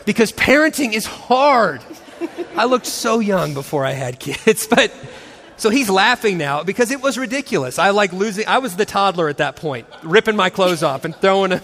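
Animated man in his forties, high voice, long reverb, storytelling talk with acted voices. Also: fairly quick. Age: 40s. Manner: animated, acts out voices and laughs often. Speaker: christian speaker and husband.

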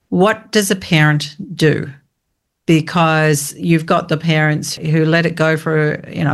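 Slow, deep-voiced woman host. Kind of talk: interview conversation.

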